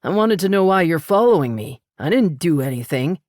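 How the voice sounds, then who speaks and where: A woman's voice: fairly low pitch, expressive, a little fast, a little mellow, dry recording, clean studio sound, natural voice. A woman voicing a confused, nervous man who insists a dog is his, in an audiobook. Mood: defensive. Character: stubborn confused man defending a dog he claims.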